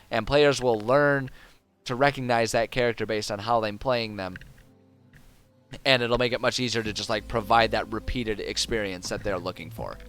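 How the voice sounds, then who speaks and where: A young man with a lowish voice talks casually on a livestream, working out ideas aloud and stumbling through fillers and false starts. Soft music plays faintly underneath. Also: steady tone, moderate pace, clean tone. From United States. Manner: rambling, thinking aloud with many fillers and restarts. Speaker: streamer. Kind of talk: casual livestream talk while world-building.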